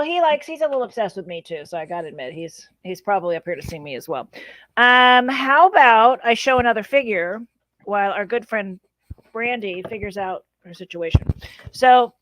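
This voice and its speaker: A woman with a fairly high voice hosts a casual chat over a video call. She is playful and chatty and thinks aloud with fillers. There is a faint hiss behind her. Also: expressive, normal speed, a bit bright. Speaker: host.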